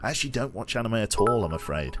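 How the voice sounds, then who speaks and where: A man's voice: fairly low pitch, expressive, fast, music in the background. A young British man streaming a train game, chatting playfully and teasing his viewers between yawns. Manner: playful, self-mocking, yawning and laughing at chat. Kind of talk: casual live-stream commentary.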